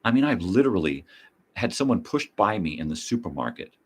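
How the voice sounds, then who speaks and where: A man's voice: on the low side, sing-song, brisk, husky. An older man hosting his own show, ranting bluntly with heavy profanity and mocking repetition. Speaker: host. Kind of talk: ranting monologue.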